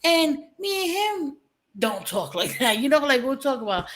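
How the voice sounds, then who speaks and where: Woman, co-host, fairly high pitch, very lively intonation, emphatic, laughing. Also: normal speed, a little hiss or hum. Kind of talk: casual chat.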